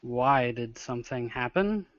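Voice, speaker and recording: A man playing a tabletop game, describing his character in a halting, casual way with many restarts, on a dull lo-fi recording. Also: medium pitch, animated, no echo. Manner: halting, searching for words. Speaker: player.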